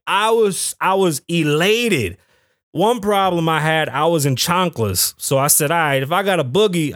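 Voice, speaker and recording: A middle-aged podcast host tells a story as a brash, profane, boastful rant, slipping into the voices of the people involved. His voice is on the high side, and the recording is dry and studio quality.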